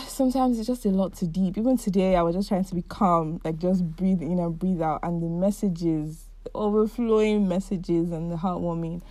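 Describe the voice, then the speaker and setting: A young woman in her early twenties hosts her own podcast, talking to listeners in a warm, chatty, heartfelt way. Her voice sits a little low and sounds soft and mellow, and the recording is dry and close. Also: normal speed, hardly any pauses, no echo. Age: 20s. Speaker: podcast host. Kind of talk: casual solo monologue.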